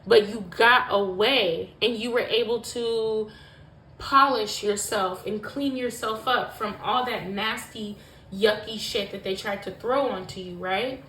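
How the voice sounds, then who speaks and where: A woman's voice: medium pitch, measured pace, a bit bright. A woman giving a pick-a-pile tarot reading to her viewers, emotional and emphatic, swearing often and filling her talk with "like". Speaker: tarot reader. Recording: echoey room with faint noise.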